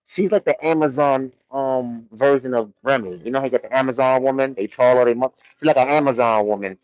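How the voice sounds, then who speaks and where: A man's voice: medium pitch, brisk, hardly any pauses, darkish tone, dry recording, highs cut off. A man hosting a casual livestream, talking in loose, slang-heavy commentary and reading chat from a warehouse. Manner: loose, laid-back slang-heavy commentary with frequent laughs. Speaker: livestream host.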